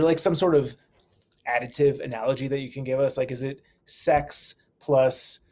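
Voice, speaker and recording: A man hosting a podcast, asking curious questions in a relaxed, joking way. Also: medium pitch. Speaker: podcast host. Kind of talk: casual interview chat.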